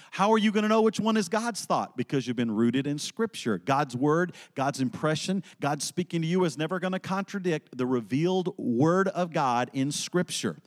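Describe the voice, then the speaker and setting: Man, preacher, earnest emphatic sermon, personal stories, slightly high voice, long hall reverb.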